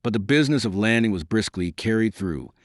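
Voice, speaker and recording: A man reading an audiobook in a measured, formal storytelling manner. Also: on the low side, expressive, dry recording, studio quality. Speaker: audiobook narrator. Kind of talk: scripted audiobook narration.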